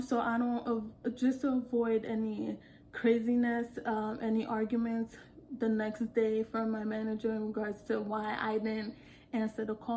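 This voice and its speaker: Woman vlogger, casual storytime, animated, laughing often, fairly high voice, faint background noise.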